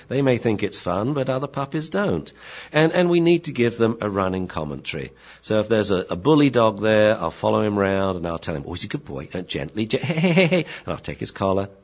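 A man explaining puppy training in an instructional talk, lively and acting out what he says to the dogs. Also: on the low side. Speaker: dog trainer. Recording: dull lo-fi recording.

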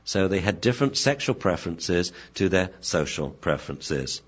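A man who studies dog behavior, explaining it in a lively, storytelling way. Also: low voice, normal speed, slightly rough. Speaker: dog behavior expert, lecturer. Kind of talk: explanatory talk. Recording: dull lo-fi recording.

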